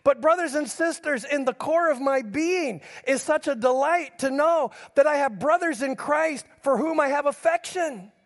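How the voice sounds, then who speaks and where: A middle-aged man with a notably high voice preaches to his congregation, telling stories from his own life. His words ring out with a long reverb in a large church hall. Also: normal speed, few pauses. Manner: storytelling preacher addressing the congregation directly. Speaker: pastor. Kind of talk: sermon.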